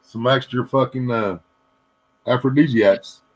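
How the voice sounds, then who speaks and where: A man's voice: mid-range voice, unhurried. A man hosting a casual group chat, joking, swearing freely and laughing often.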